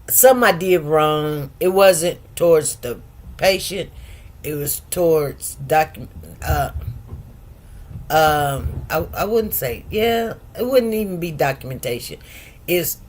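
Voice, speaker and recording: Sitting low in pitch with a darkish tone, a livestream host in her fifties rambles through a relaxed chat with viewers, laughing as she goes.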